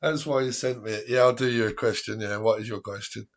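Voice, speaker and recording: A man's voice: fairly low pitch, steady tone, fast talker. A man hosting a live tarot stream in a casual, chatty way, often breaking into laughter.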